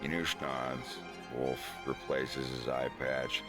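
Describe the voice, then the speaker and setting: A man's voice: very deep voice, flat delivery, slow pace, over music. A man streaming, casually retelling a story scene with fillers and giggles. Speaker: streamer narrating his animation script.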